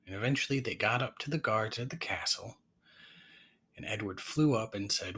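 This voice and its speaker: A man narrating an improvised bedtime story, gentle and halting. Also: fairly low pitch, breathy edge.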